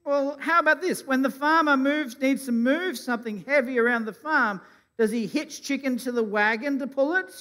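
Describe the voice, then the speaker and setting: A man giving the children's talk at a church service, asking simple, gentle questions. His voice rings out with the long reverb of a church hall. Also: very high voice, moderate pace. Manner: gentle questioning, plays along with puppet. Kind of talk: kids' talk from the stage.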